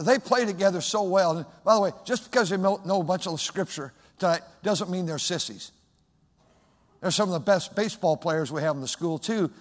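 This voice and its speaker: A man with a high voice preaching a sermon from the pulpit. He swings between shouted, emphatic lines and quiet, hushed asides. His voice rings out with a long reverb in a church sanctuary. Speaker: pastor.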